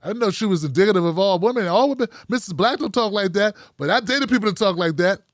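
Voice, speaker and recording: A man hosting a live call-in show, talking in an animated, profane, joking way. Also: high-pitched, fast talker, no echo, clean studio sound. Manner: animated, profane, jokey impressions. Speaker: host taking calls.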